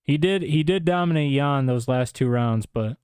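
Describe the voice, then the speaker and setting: A man's voice: medium pitch, moderate pace, darkish tone, smooth, dry recording, clean studio sound. A young man ranting casually about fight cards, exasperated and incredulous, dropping "bro" often. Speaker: MMA commentator. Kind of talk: casual opinion rant.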